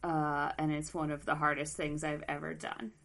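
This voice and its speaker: A woman's voice: deep voice, level tone, moderate pace, gravelly, a bit bright, rough recording. A woman co-hosting a podcast, talking in a rambling, earnest, self-deprecating way while near tears. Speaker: podcast co-host. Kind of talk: casual chat.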